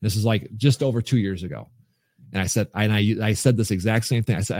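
A man's voice: fairly low pitch, fairly quick, a little mellow, no echo. Earnest man telling his story, dry sound. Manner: earnest, emphatic, with frequent restarts. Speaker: podcast guest. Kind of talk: candid personal storytelling.

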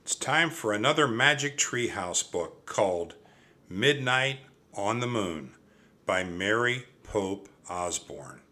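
An older man reading a children's chapter book aloud, with a gentle, reassuring manner. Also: lowish voice, animated, slow pace. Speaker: storybook reader. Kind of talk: children's story read-aloud.

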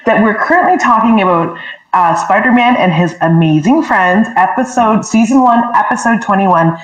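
Woman co-host, chatty, relaxed, moderates the live chat, echoey room sound. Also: medium pitch, moderate pace. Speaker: podcast co-host. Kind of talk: casual chat.

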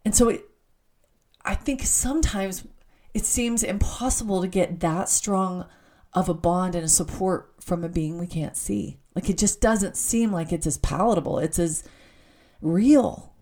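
A woman's voice: lowish voice, unhurried, mellow. A middle-aged woman giving an earnest, heartfelt personal faith talk, often stopping to correct herself.

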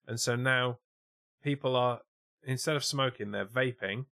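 A man co-hosting a podcast, chatting casually with dry, deadpan swearing. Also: medium pitch, unhurried, vocal fry. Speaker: podcast co-host. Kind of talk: casual chat, reading news aloud.

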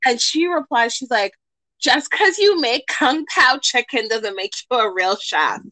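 A woman co-hosts a casual podcast and tells a story with animated, profane energy, slipping into the voices of the people she quotes. Her voice is bright and forceful and sits slightly high. The sound is dry and close to the mic. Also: a little slow, no room sound, low-quality recording. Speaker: podcast co-host.

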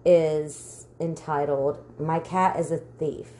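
Chatty woman with a lowish voice. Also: steady tone, slow, dark tone, slight background noise. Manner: chatty storyteller, laughs often, swears casually. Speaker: podcast co-host. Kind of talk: casual chat.

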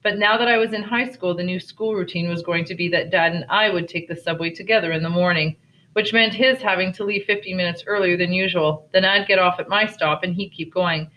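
A teacher reading a novel aloud to children, pausing to explain the story, on a dull lo-fi recording. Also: medium pitch, fairly even intonation, pushed and bright.

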